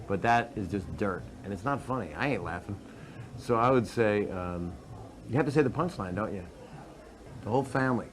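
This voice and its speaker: A man with a lowish voice rambling through a long, filthy stand-up story. He keeps breaking into laughter at his own jokes. A faint hum sits behind him. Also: moderate pace. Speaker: comedian.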